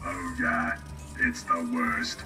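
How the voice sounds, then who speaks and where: A man voicing a weary male robot guard in a video game, talking in a flat, tired way. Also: extremely low pitch, slow. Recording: echoey, distant. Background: loud game music.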